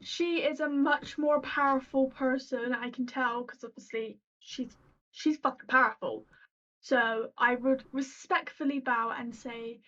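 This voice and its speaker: A woman's voice: high voice, fairly even intonation, a little slow, sharp tone. A woman player in a tabletop game, brash, cheeky and profane, heard off mic on a dull lo-fi recording. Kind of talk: casual play at a tabletop game.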